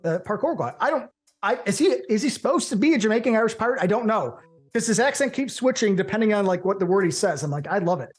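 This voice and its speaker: A man co-hosting a casual movie podcast, opinionated and animated, with profane banter. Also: high voice, fast, soft background music. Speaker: co-host.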